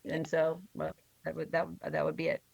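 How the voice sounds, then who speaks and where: A new grandmother telling a heartfelt story in casual podcast chat, with many halting restarts. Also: low-pitched, monotone, vocal fry, a little mellow, no echo, dull audio. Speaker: guest.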